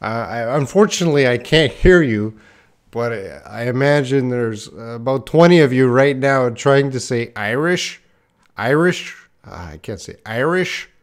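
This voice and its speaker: A man teaching English in a live online lesson, casual and self-deprecating, reacting to viewers by name as he tries tongue twisters. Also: medium pitch.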